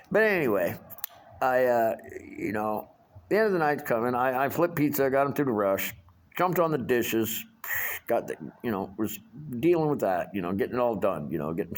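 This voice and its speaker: A middle-aged man ranting casually and profanely about his restaurant job, rambling with many fillers. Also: medium pitch. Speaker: vlogger. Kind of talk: casual rant monologue.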